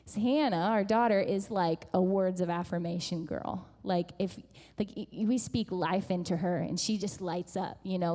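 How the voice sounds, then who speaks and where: A woman in her thirties preaching a sermon as pastor, telling stories with lively acted-out voices. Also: on the low side, normal speed, hardly any pauses. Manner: animated storytelling, acts out voices. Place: church sanctuary. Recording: long church hall reverb.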